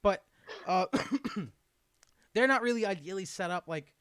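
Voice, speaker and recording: A man's voice: high voice, animated, unhurried, fairly bright tone, clear, resonant tone, dry recording, clean studio sound. A man with a New York accent hosting a podcast, rambling casually and swearing freely. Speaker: podcast host.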